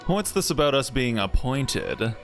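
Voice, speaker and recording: A man's voice: medium pitch, big pitch swings, unhurried. A man streaming a game and chatting casually, rambling and joking playfully with viewers. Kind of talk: casual live-stream commentary. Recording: stream with faint game music.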